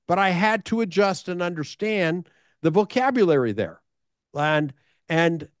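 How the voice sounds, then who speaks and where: In a slightly high voice, this middle-aged American man, a sales speaker, shares stories conversationally, full of repeated words and rhetorical questions. The recording is studio-quality and echo-free.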